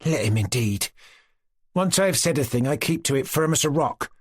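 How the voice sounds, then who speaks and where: A man voicing a proud young Cossack girl who answers quietly, firmly and seriously. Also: mid-range voice, lively intonation, normal speed, no echo, studio quality, natural voice.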